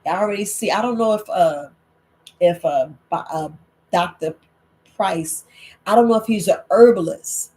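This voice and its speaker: A woman's voice: on the low side, moderate pace, pauses often, darkish tone. Woman, herbalist host, emphatic, preachy, repetitive, late-night Q&A talk. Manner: emphatic, preachy, repeats points.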